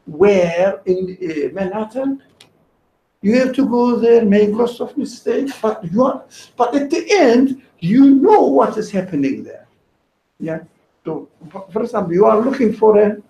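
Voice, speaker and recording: A man with a high-pitched, warm voice teaches religious ideas conversationally, patiently reasoning aloud and using everyday examples. The room is echoey, with faint noise.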